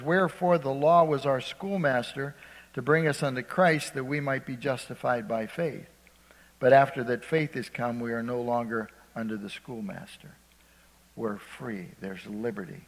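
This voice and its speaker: Preacher man, echoing church hall. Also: mid-range voice. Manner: emphatic, asks the congregation "Amen?" often, acts out quoted speakers. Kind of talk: sermon. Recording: long reverb of a large hall.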